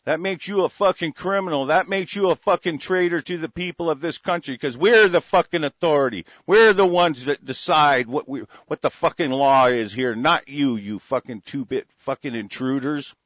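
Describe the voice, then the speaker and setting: A man delivers a furious, profane rant, his voice sitting a little high and stumbling over restarts. The sound is dull and muffled with no room echo. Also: moderate pace, few pauses, fairly bright tone. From United States. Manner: angry, profane, repetitive with frequent restarts. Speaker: political commentator. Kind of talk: ranting monologue to an audience.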